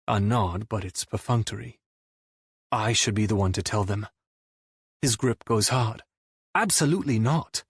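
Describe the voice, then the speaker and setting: A man narrating a romance audiobook in the first person with a brooding, low-key delivery. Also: no echo, studio quality.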